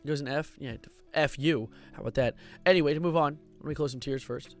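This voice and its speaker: With a fairly high, creaky voice for a man and a fast delivery, this young streamer gives rambling, profanity-laced livestream commentary full of loud bursts of excitement. Faint music plays behind him.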